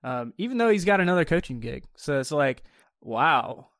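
A man's voice: on the high side, very animated, moderate pace, a bit bright, no echo, studio quality. Laid-back young man hosting sports talk. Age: young adult. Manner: laid-back, laughs often, trailing off. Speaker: podcast host. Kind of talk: casual sports chat.

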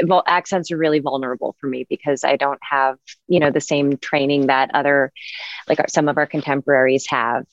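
A woman's voice: low voice, no echo. An actress speaking in a reflective roundtable conversation, searching for her words with frequent restarts. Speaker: actress guest. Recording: dull, dry sound.

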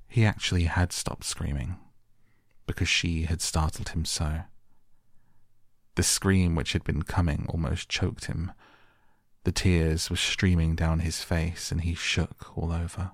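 A man reads a classic story softly for sleep, in a very deep voice with a gravelly fry. He takes his time, calm and measured, and the sound is close and dry. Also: no echo. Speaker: audiobook narrator. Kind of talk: soft bedtime audiobook reading.

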